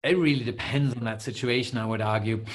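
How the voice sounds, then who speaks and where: A man speaking as a coach on a live online session, answering viewer questions. He rambles, circling back with fillers and restarts, at a middling pitch for a man. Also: quick pace. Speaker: coach and webinar host. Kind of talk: live webinar Q&A.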